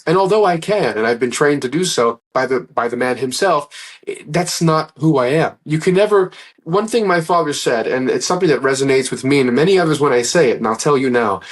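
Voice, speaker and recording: A man's voice: on the high side, a little fast. Earnest, rambling man telling stories. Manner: earnest, rambling, acts out quoted dialogue. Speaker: interview guest, actor. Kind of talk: casual interview storytelling.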